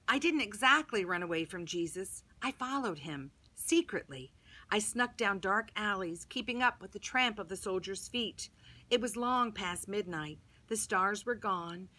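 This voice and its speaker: A female Sunday school teacher with a medium-pitched voice reads a children's Bible story aloud in first person. Her reading is dramatic, turning between hushed and loud moments.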